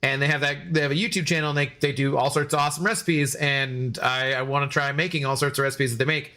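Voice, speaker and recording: A man's voice: fairly high pitch, fairly even intonation, fast talker, pushed and bright. A man streaming a game, chatting casually with his viewers, joking and laughing often. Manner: jokey and chatty, laughing often, answering chat. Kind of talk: casual live-stream chat while gaming.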